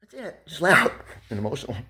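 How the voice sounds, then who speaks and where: A man in his twenties talking in a rambling, pressured rush, swerving between laughter, near tears and shouting, loud and swearing often. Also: a little high, quick pace. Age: 20s. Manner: loud and expressive, heavy swearing. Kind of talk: emotional monologue to camera.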